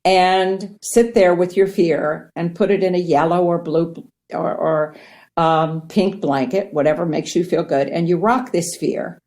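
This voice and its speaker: A woman from Ohio, a guest on mindfulness, teaching in a conversational way, earnest and animated, acting out little quotes as she explains. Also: fairly low pitch, a little slow. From Ohio, United States.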